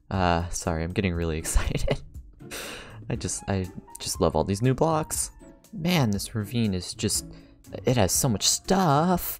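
A man hosting a game let's play, chatting casually to viewers and getting easily excited, with gasps and frequent laughs. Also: low-pitched, slow, faint music behind. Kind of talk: casual gaming commentary.

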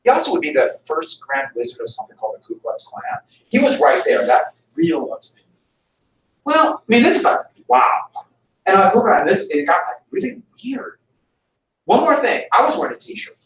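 A middle-aged American man lectures a history class with a high, expressive voice that rises and falls as he jokes and tells stories. He is caught from across a roomy classroom, so his voice sounds distant and echoey. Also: brisk. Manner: animated, jokey storyteller with laughs. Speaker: history teacher.

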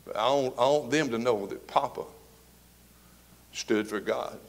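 A man, preaching a fervent sermon to his congregation, swinging between loud and soft. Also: medium pitch, unhurried. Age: 70s. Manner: fervent preaching with rising and falling volume. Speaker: pastor. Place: church sanctuary with congregation.

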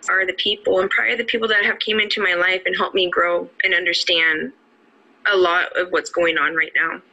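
A woman's voice: fairly low pitch, little pitch movement, brisk, gravelly, bright, forceful tone, muffled recording, a little hiss or hum. A middle-aged woman, an adult student, tells her personal story in an earnest, heartfelt way, often saying "you know". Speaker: adult student award winner. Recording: music playing underneath the voice. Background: music.

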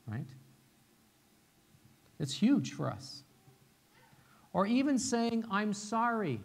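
A male pastor with a fairly high voice delivers a sermon in a relaxed, conversational style. He repeats his key phrases and keeps asking his listeners "right?" as he goes. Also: extremely slow, gravelly, slightly rough. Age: young adult to middle-aged, father of a little one. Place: church sanctuary.

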